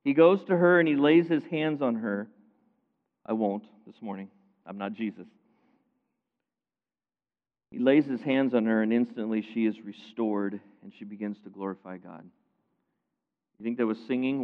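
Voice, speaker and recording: Animated male preacher in a reverberant hall. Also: medium pitch, moderate pace, long pauses. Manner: animated preaching, swings between loud emphasis and quiet asides. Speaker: pastor. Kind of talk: sermon. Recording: phone-like sound with long hall reverb.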